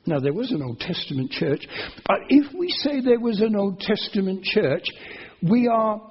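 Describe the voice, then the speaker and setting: A man with a high, husky voice preaches a sermon, explaining patiently and then pressing his point with repeated phrases. The recording sounds dull and lo-fi, as on an old sermon tape. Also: animated, normal speed. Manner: earnest, explanatory, rising to emphatic repetition. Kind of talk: expository sermon.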